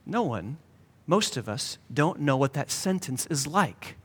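A man preaching a sermon emphatically, dropping to a near hush to stress key points. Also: on the high side, big pitch swings, unhurried, husky, big-room sound. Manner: emphatic, with dramatic drops to a hush.

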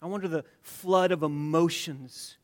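Guy preaching a sermon, voice a bit on the high side, goes real quiet then loud, keeps repeating lines to hammer them home. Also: steady tone, measured pace. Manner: swings from hushed, near-whispered lines to loud emphatic declarations; repeats phrases for emphasis. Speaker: pastor.

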